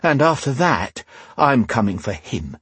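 A man voicing a cold, cultured gambler who speaks in slow, measured, menacing tones in an audiobook. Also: mid-range voice, very animated, a bit bright, husky, no room sound, pitched above the performer's own voice, heavily acted. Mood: quiet menace. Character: cold dangerous male gambler, quiet and cultured. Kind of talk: audiobook character voice.

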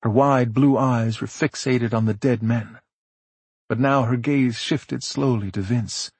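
A man narrating an audiobook in a measured, steady storytelling manner. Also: medium pitch, breathy edge, dry recording.

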